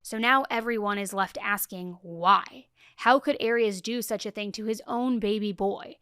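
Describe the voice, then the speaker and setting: A woman's voice: medium pitch, moderate pace, a bit bright, a little hiss or hum. A young woman hosting a true crime podcast, recounting cases in a casual, emphatic way with indignant asides.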